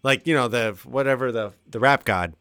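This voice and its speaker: A young man co-hosting a casual podcast chat, laid-back and halting, with plenty of swearing. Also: mid-range voice, bright, forceful tone, smooth, no echo, clean studio sound. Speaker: podcast co-host.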